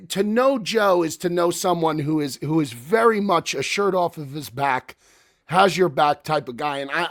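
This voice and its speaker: A man's voice: high-pitched, creaky. A man hosting a podcast, talking casually and earnestly with plenty of restarts. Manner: earnest, then teasing. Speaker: podcast host. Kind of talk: casual chat.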